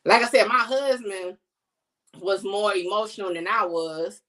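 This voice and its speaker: A middle-aged woman hosts a podcast from her house. She talks casually and bluntly, full of slang and lively asides, in a voice of ordinary middle pitch. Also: unhurried. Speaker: podcast host. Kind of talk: casual chat to camera. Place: at home.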